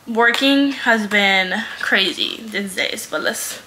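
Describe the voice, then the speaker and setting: A woman's voice: medium pitch, slow, bright, forceful tone, a little hiss or hum. A young woman vlogger chatting through an unboxing, gushing and giggling as she talks. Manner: gushing, giggly, says "oh my god" often. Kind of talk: casual unboxing vlog.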